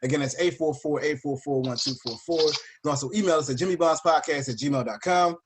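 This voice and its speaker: A man hosting a podcast interview, laid-back and quick to laugh. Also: a little high, noisy background. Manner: laid-back, laughs often, repeats call-in details. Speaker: podcast host.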